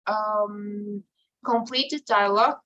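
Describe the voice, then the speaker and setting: Spanish-native woman English teacher, mid-pitched, patient step-by-step explaining, keeps asking "right?". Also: steady tone, slow, pushed and bright, highs cut off. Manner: explains patiently, tags "right?" after nearly every phrase. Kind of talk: online grammar lesson.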